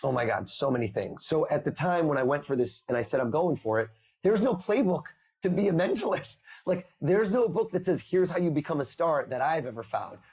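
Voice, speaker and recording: A man on a podcast interview, telling lively stories and acting out the people he quotes. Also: fairly high pitch, brisk, hardly any pauses, slightly rough. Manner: animated storyteller, acts out quoted voices. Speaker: podcast guest, mentalist. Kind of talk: conversational storytelling. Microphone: remote call.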